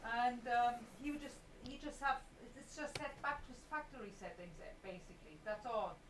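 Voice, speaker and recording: A woman at a repair shop explains things to a customer on the phone in a patient, apologetic way. Her voice sits slightly high and sounds distant from the mic, in a room with echo and a faint hum behind it. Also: normal speed. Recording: echoey room, far from the mic.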